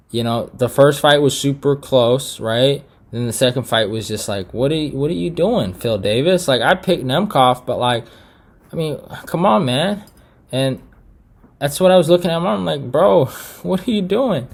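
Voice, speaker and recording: A young man from Eritrea hosting a casual fight recap, frustrated and animated, swearing often and restarting his sentences with lots of fillers. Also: medium pitch. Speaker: MMA prediction channel host.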